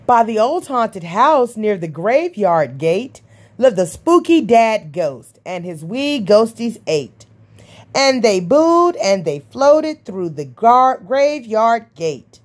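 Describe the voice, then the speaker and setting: A woman reads a rhyming picture book aloud, taking it slowly in a sing-song rhythm. Her voice jumps high for the creature calls.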